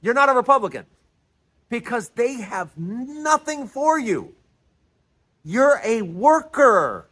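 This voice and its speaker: Male host, high pitch, emphatic lecturing monologue. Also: big pitch swings, slow, pauses often, a bit bright, husky. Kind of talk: opinionated political monologue.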